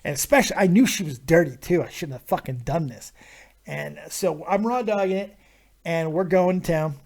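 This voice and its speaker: Profane, animated male live-stream storyteller. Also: a little high, normal speed, vocal fry. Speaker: host of a live viewer Q&A stream.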